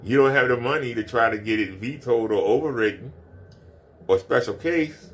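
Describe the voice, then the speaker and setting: Guy ranting on his stream, mocking, keeps repeating himself, aave, mid-pitched voice. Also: normal speed. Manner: repetitive, mocking. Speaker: commentary streamer. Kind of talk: ranting commentary.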